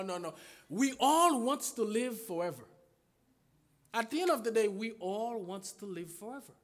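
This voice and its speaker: Male preacher, fired up, high voice that swings all over, lots of questions to the crowd. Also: fairly bright tone. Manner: emphatic, rhetorical questions, retelling stories in voices. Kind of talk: sermon.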